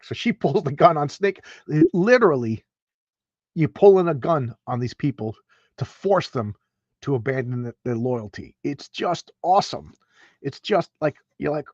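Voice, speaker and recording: A man gushing over a comic book page by page, excitable and often stumbling and restarting. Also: fairly high pitch, moderate pace, no room sound, muffled recording. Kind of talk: enthusiastic comic page read-through.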